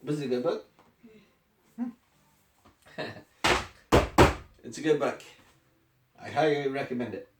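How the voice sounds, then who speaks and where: A woman's voice: a bass voice, slow, long pauses, a little mellow. A woman reading a picture book aloud to her child at home, making laughing asides to the child. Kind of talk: casual read-aloud at home. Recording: echoey room, distant mic, faint noise.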